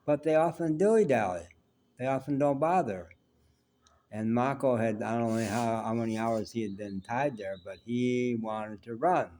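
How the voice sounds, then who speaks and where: A man's voice: mid-range voice, normal speed, mellow. A man vlogging, telling a personal story in a rambling, candid, self-reflective way.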